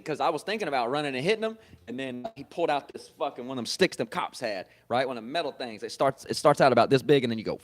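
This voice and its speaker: Male podcast host, casual cussing storyteller, animated bursts and laughter. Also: medium pitch, rapid-fire, few pauses. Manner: loose, swearing, laughs often, animated bursts. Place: comedy club.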